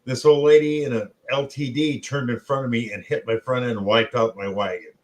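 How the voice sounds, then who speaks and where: A middle-aged man co-hosts a casual chat, telling anecdotes and acting out what other people said. His voice is medium-pitched and steady, a little fast, and the recording is rough.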